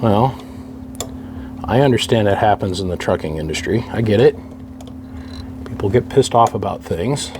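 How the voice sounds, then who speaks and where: A middle-aged radio hobbyist mutters to himself while working on an amplifier, wry and grumbling as the stubborn job fights him. His voice sits on the low side with lively intonation and a normal pace, broken by frequent pauses. There's background noise, and the talk is a casual, rambling monologue.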